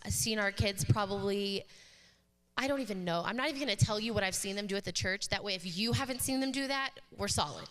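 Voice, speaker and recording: A woman pastor in her thirties preaching a sermon, chatty and joking as she tells stories about her family. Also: medium pitch. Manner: chatty, joking, animated storytelling. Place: church sanctuary. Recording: live church hall reverb.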